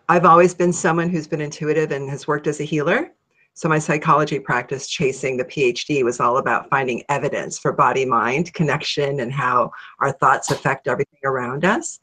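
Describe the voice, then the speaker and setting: A middle-aged woman from Ohio, a guest in an interview, telling her story in a lively way and acting out her own thoughts. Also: sits low, a little fast. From Ohio, USA. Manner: animated, acts out her own thoughts in a raised voice.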